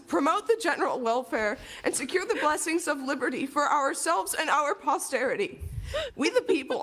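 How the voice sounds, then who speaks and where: A woman's voice: high-pitched, fairly bright tone. A young woman student, emotional and near tears, earnestly reading a prepared statement at a public meeting. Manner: earnest, declamatory. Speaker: student speaker at public comment.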